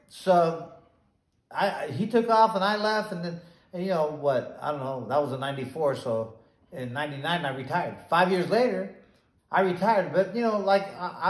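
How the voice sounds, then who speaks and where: A retired boxer in his sixties spins a long story in a lively, animated way, slipping into the voices of the people in it. His voice sits a little high for a man. The recording carries a roomy echo. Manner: animated, acts out quoted voices. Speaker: retired boxer, podcast guest. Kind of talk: casual storytelling.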